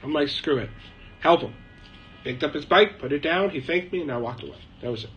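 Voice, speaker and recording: A man's voice: a little high, lively intonation, fast, a bit bright, a little hiss or hum, rough recording. Chatty man live-streaming from his shed. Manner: rambling, chatty, laughs often, mimics people. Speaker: live-stream host answering viewer questions. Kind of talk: casual live chat.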